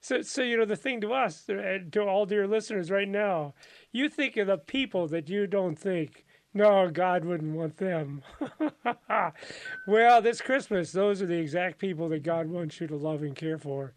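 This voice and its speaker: Animated laughing pastor, fairly high voice. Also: male voice, normal speed, no room sound. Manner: animated, laughs often, emphatic storytelling. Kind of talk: conversational Bible discussion.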